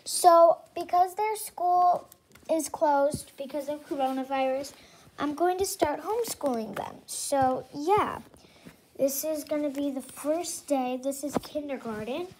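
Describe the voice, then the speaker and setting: A woman's voice: high-pitched, unhurried, darkish tone, slight background noise. A woman playing teacher to her dolls, chatting and reading a children's story aloud in a casual, restarting way. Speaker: pretend teacher in doll play. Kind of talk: playful doll role-play, reading a story aloud.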